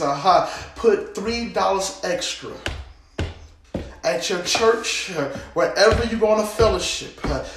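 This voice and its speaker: A man's voice: high voice, a bit bright, heavy reverb, recorded from a distance, slight background noise. A man preaching on a phone prayer line, speaking in tongues, chanting and often saying "uh". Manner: speaks in tongues, chanting and singing, many "uh" fillers. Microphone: phone line call.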